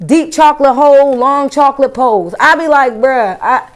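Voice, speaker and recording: A woman comedian doing a profane stand-up rant, animated and incredulous. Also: high voice, a little fast.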